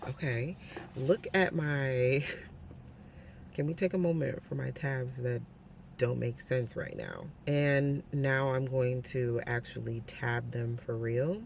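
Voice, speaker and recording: A woman's voice: extremely low pitch, expressive, slow, creaky, darkish tone, a little hiss or hum. A young adult woman chatting casually in a reading vlog, giving candid, opinionated reactions to books. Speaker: book vlogger.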